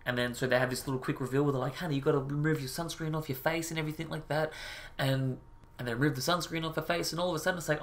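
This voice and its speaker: A man's voice: on the high side, fast talker, fairly bright tone, slight background noise. A man hosting a reaction video, ranting with heavy profanity and exasperation. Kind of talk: ranting commentary.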